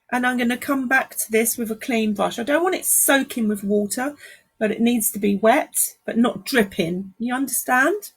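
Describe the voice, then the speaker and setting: Speaking in a slightly high, breathy voice, a London-accented woman streams a watercolour lesson live from an art studio. As the teacher paints, she chats with viewers and says hello to them.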